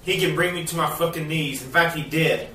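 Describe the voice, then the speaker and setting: A man ranting to the camera at home in a bitter, profane vlog, now and then bursting into shouts. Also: on the high side, fairly quick, reverberant, recorded from a distance, a little hiss or hum. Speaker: vlogger. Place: cluttered home, indoors.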